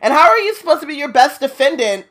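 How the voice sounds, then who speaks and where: A woman co-hosting a casual book discussion who cuts in with quick, wry remarks. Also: high voice, big pitch swings, a bit bright. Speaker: podcast co-host.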